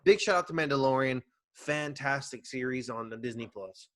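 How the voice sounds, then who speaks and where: A man's voice: mid-range voice, normal speed. A man co-hosting a music podcast, reviewing a show in a rambling casual chat full of fillers. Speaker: podcast co-host.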